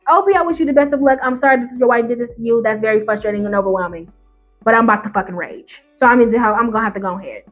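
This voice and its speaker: A woman's voice: a little high, fairly bright tone. A woman YouTuber giving ranting reaction commentary on Reddit stories, profane and emphatic, firing off rhetorical questions.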